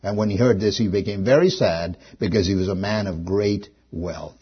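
A man preaching a sermon as pastor, animated, swinging between loud emphasis and hushed questions. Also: low voice, normal speed, husky, muffled recording.

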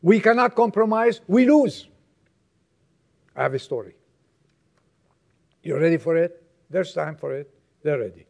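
Male pastor, sermon, gravelly voice, high-pitched, emphatic, drops to quiet asides. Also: expressive, unhurried, pauses often. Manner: emphatic, swings from raised exhortation to low quiet asides.

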